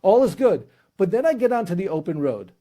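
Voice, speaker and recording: A man's voice: high-pitched, very animated, brisk, dark tone. A male podcast host interviewing guests, telling a humorous story with casual restarts.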